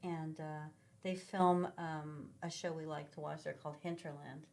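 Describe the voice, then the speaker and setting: A woman from Sacramento, middle-aged, speaks in a low register. As a podcast guest she tells loose, animated anecdotes, with plenty of ums and restarts. The talk is relaxed and conversational. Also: moderate pace. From Sacramento, California. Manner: rambling, animated travel anecdotes with many fillers. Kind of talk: casual conversational storytelling.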